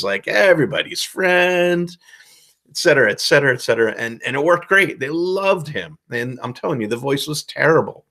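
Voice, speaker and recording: A man giving casual advice as a game master, loose and self-deprecating, rambling with a relaxed tone. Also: mid-range voice. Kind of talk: casual instructional talk.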